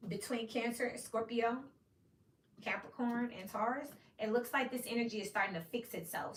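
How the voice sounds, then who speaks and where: A woman from Memphis, giving a casual tarot reading, blunt and profane, acting out the people she quotes. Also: mid-range voice. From Memphis, United States. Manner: blunt, profane, animated, acts out quoted voices. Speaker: tarot reader. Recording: echoey room, mic at a distance, faint hiss.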